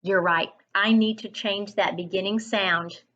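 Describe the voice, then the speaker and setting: A woman's voice: mid-range voice, steady tone, unhurried, fairly bright tone, lo-fi sound. A woman reading teacher leading a phonics lesson for children, sounding out each letter and praising along the way.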